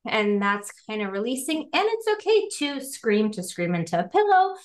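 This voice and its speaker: A lively, animated woman speaks as a guest on a podcast, breaking into laughs and playful acted-out voices as she explains. Her voice sits at a middle pitch, and the room around her gives it a noticeable echo. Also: moderate pace. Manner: animated, acts out quoted voices, laughs often. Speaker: guest coach. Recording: roomy echo.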